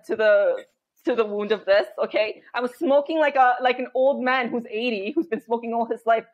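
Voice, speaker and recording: A high-pitched woman in her thirties, chatting candidly as a podcast guest. She tells her story with animated energy and acts out her own thoughts in quoted asides. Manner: animated storytelling, frequent laughter and quoted inner voice.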